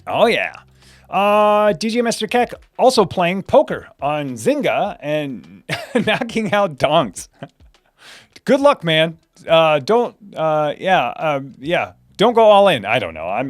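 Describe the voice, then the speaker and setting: An American man hosts a live Q&A, answering viewer comments in a loose, rambling chat full of restarts and fillers, and he laughs often. His voice is a little high, recorded with clean studio sound and no echo.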